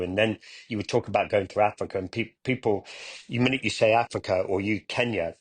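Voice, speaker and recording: Guy on a podcast with a low husky voice, chatty, acts out all the quotes in his stories. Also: a little fast. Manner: animated storyteller who acts out quoted dialogue. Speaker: guest, motorcycle adventurer and TV presenter. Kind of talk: casual podcast chat.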